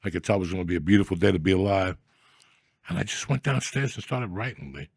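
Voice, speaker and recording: A man's voice: low-pitched, animated, quick pace, gravelly, a little mellow, breathy edge, dry recording, clean studio sound. A man hosting a comedy podcast, telling profane, rambling stories in crude casual banter.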